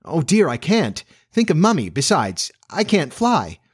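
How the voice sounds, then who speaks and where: A man doing a high, eager young girl. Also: huge pitch swings, a little slow, slightly rough, dry recording, clean studio sound, heavily acted. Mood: fretful. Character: excited, earnest young girl.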